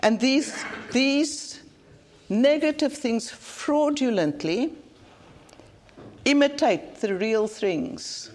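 Preaching a conference sermon, a South African woman speaks in a high-pitched voice with lively intonation and drawn-out words. Her manner is earnest and plain, and she often repeats phrases for emphasis.

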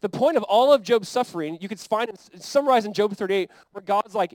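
A man's voice: high voice, animated, a little fast, hardly any pauses, no echo, low-quality recording. A man with an American accent preaching a sermon as pastor, talking in a conversational, earnest way and acting out the quotes he reads.

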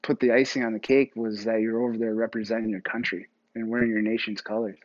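A man, a former hockey goalie, answering interview questions in a relaxed way, filling his speech with "like" and "you know". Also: fairly low pitch, fast, highs cut off. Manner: relaxed, filler-heavy with frequent "like". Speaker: retired hockey goalie, guest.

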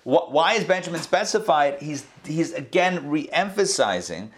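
A man teaching a scripture lesson verse by verse, in a conversational way with quick asides and restarts. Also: on the high side, sing-song. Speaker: Torah teacher. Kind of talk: casual verse-by-verse Bible lesson.

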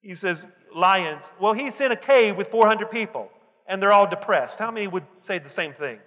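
A man preaching a sermon, reading psalms aloud slowly and emphatically and building to fervent shouts. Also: high voice, lively intonation. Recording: dull lo-fi recording with long hall reverb.

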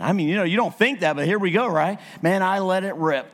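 A man preaching a sermon as a visiting evangelist, animated and acting out quotes in his stories. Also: high-pitched, fast, vocal fry, hardly any pauses. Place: church. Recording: church sanctuary with long reverb.

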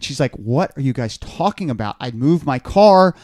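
A man's voice: medium pitch, lively intonation, normal speed, darkish tone, dry recording. Man, podcast host, rambling, stammering, casual chat, dry close mic. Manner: rambling, stammering, repeats words.

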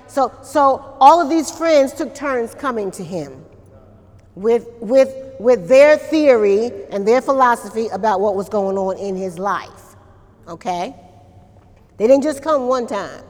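A woman's voice: fairly high pitch, lively intonation, a little slow, darkish tone, big-room sound. A woman pastor preaching a sermon in church, talking conversationally, repeating words and asking the congregation questions. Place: church during a service.

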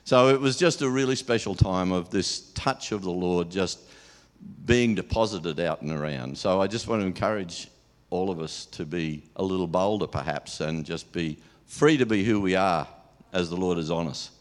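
A man's voice: sits low, normal speed. Guy preaching loose and chatty, laughs a lot, big echoey church hall. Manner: chatty, laughs often, lively when telling the story. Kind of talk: informal sermon with storytelling.

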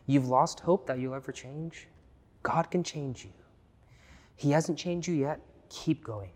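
A pastor delivers an earnest sermon at an ordinary pitch for a man, hammering his points home through repetition. His voice moves from hushed, intimate lines to loud, urgent ones, and a long reverb from a large hall trails every phrase.

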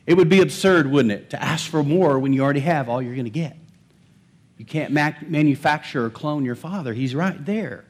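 A man's voice: fairly high pitch, a little fast, slightly rough. A pastor giving a sermon in a church, talking conversationally and asking his congregation questions. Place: church sanctuary.

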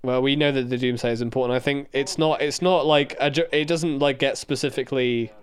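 A man's voice: medium pitch, steady tone, brisk, clean tone. A young English man co-hosting a podcast, rambling and restarting as he talks about a show. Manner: rambling, lots of fillers and restarts. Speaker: podcast co-host. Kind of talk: casual chat while watching a show.

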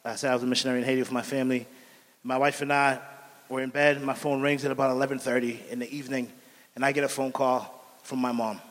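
A man giving a preached personal testimony as a missionary, telling his story earnestly and dropping soft and quiet on key lines. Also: mid-range voice, long reverb tail.

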